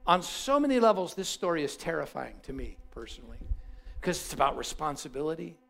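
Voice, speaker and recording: A male pastor giving a sermon, telling a parable with lively emphasis and repeated phrases. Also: a little high, a little fast, creaky. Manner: animated storytelling, repeats himself for emphasis.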